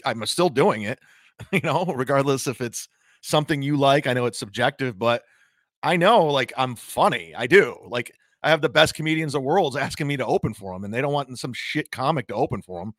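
A man's voice: medium pitch, lively intonation, fairly quick, a bit bright, no room sound, studio quality. A man, a comedian, talking on a live stream in a rambling way, stumbling over his words and restarting sentences often. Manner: rambling, self-interrupting with many restarts. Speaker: comedian guest. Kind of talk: casual live-stream conversation.

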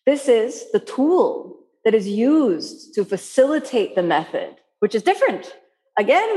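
A woman yoga teacher giving a spoken talk to her class, animated, repeating phrases for emphasis and acting out inner voices. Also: medium pitch, long reverb tail.

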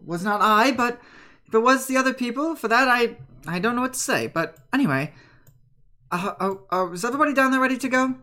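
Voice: medium pitch, expressive, a little fast, bright, forceful tone, voice pushed up. A game master voicing a hesitant, fussy male ship's crewman who stammers through his lines. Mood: nervous. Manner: stammering, full of ums.

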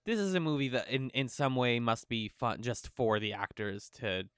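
A man's voice: mid-range voice, moderate pace, clean tone, no echo, studio quality. Rambling man in casual film chat. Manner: rambling, filler-heavy, animated impressions. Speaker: podcast co-host.

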